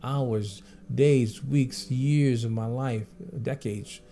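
Earnest drummer guy telling stories, gravelly low-key voice, says things over and over. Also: steady tone, very slow, mellow, a little hiss or hum. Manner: earnest, repetitive, piles up phrases. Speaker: professional drummer answering fan questions. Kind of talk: earnest personal storytelling.

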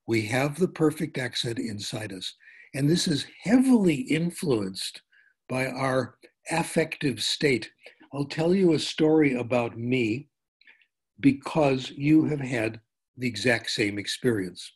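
An older man gives a talk in a relaxed, anecdotal way, wandering into stories and restarting his sentences. His voice has a slightly husky edge at an ordinary pitch. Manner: anecdotal, conversational with pauses and restarts. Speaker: linguistics speaker. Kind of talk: conference talk.

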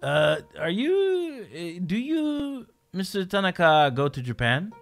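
A man's voice: high-pitched, huge pitch swings, takes it slowly, gravelly, fairly bright tone, soft background music. A man giving casual, joking commentary while playing a language-learning game, laughing often.

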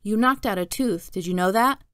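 A woman voicing a calm male school principal who speaks in a measured, patient, serious way, reading a storybook aloud. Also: mid-range voice, no echo, clean studio sound, close to an everyday voice.

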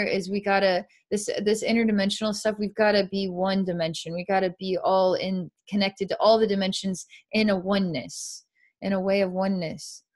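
A woman psychic narrating a live energy-healing session in an earnest, meandering way, describing what she sees as it happens. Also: mid-range voice.

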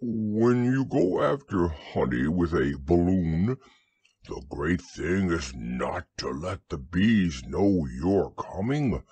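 A man voicing a gentle, slow-thinking teddy bear in a bedtime audiobook, musing and earnest. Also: deep voice, very animated, slightly rough, no echo, heavily acted.

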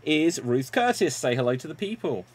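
A man hosting an online improv show, briskly introducing the games and calling for votes. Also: a little high, sing-song, breathy edge. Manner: brisk, upbeat, running the games.

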